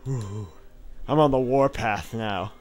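A man's voice: medium pitch, slow pace, darkish tone. A man giving let's play commentary on a card game, trash-talking his opponent with mock anger and frequent laughs.

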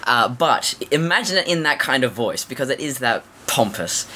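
A man's voice: mid-range voice, expressive, normal speed, hardly any pauses, sharp tone, a little hiss or hum. A man guest-hosting a casual podcast chat, making dry, wry remarks. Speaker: guest host.

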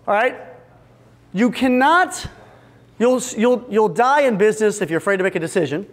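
A high-voiced man leads a lively business seminar for fence company owners in a retreat event room with a live audience. He speaks at a normal speed with long pauses, staying energetic and joking while addressing the audience directly and acting out little scenes.

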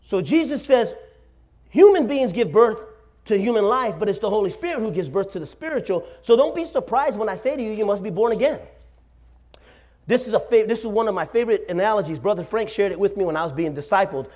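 A pastor in his forties preaches in a church sanctuary, weaving humorous stories and calling out "Amen?" to the congregation. His voice is high, animated, and a little mellow, moving slightly fast.

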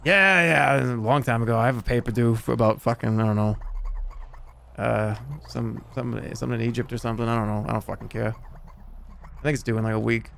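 A man's voice: mid-range voice, fairly even intonation, a little fast, creaky, a bit bright. A man voicing a lazy, crude male student in his forties with a Boston accent who swears and brushes things off. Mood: dismissive. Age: 40s. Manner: brash, swearing, dismissive drawl.

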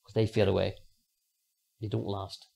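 Gravelly low-voiced man telling his testimony. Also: flat delivery, normal speed, dark tone. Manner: rambling, many fillers and restarts; earnest storytelling. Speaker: podcast guest. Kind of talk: personal faith testimony.

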